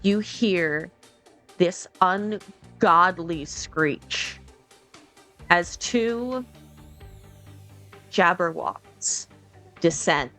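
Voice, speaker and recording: A woman running a tabletop game as game master, narrating and calling out turns in a measured way. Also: lowish voice, fairly bright tone, soft background music.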